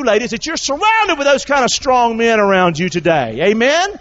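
A man preaching a lively sermon in a large church, coaxing the congregation to answer and join in. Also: extremely high pitch, normal speed, few pauses, lo-fi sound, slight background noise. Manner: animated, coaxing calls to the congregation. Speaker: pastor.

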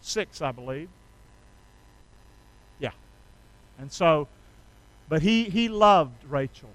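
A middle-aged man preaching a sermon, calling on the congregation to repeat lines with him and rising loud on key phrases. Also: a little high, lively intonation, slow pace, no room sound, rough recording. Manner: call-and-response preaching, asks congregation to repeat. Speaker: pastor.

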